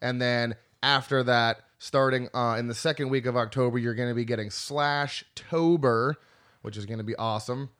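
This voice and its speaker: A young man hosts a casual podcast, his voice sitting at an ordinary middle pitch. He rambles and jokes, often stopping to correct himself. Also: fairly even intonation, normal speed, fairly bright tone. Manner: joking, rambling, self-correcting. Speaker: podcast host.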